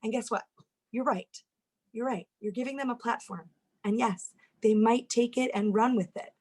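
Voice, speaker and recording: A woman family therapist giving a lively talk on parenting, acting out the inner voices of parents and kids, often repeating words as she goes. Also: on the high side, normal speed, poor audio. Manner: animated, acts out parents' and kids' inner voices; repeats words and restarts sentences when speaking.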